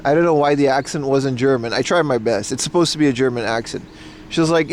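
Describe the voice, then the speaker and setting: A man's voice: mid-range voice, fast, a little hiss or hum. Laid-back man chatting on an outdoor stream. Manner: laid-back, rambling, swears freely. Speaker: livestreamer. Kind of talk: casual live-stream chat. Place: outdoors on a nature hike.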